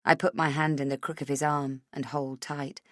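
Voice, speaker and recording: A woman narrating a first-person thriller audiobook in a measured, steady reading. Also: sits low, no room sound, studio quality.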